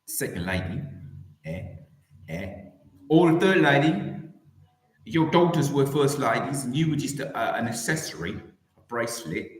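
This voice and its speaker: A man's voice: very animated, normal speed, pauses often. Man ranting theatrically in an echoey room. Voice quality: theatrical, with swooping pitch and repeated words. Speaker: YouTube channel host. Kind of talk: rambling satirical commentary rant.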